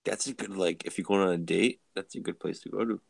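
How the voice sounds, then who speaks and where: A man's voice: sits low, fast talker, vocal fry, dry recording. A laid-back man chatting casually over beers on a live video show, leaning on "like" a lot. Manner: laid-back, heavy use of "like". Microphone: video call.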